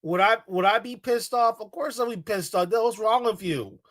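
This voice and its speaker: A man's voice: high-pitched, moderate pace, a bit bright, no echo, studio quality. A man giving casual reaction commentary in a blunt, mocking, exasperated way.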